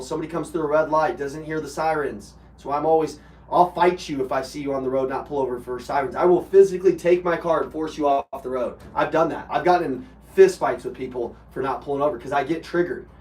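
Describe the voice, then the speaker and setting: A man hosting a live personal development call, telling an emotional personal story bluntly with swearing and fillers. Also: a little high. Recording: roomy, from a distance.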